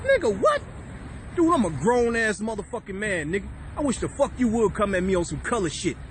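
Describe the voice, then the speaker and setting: Profane man ranting high. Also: lively intonation, fast, slight background noise. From Chicago. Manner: profane, blunt, confrontational. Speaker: vlogger. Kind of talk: heated storytelling rant.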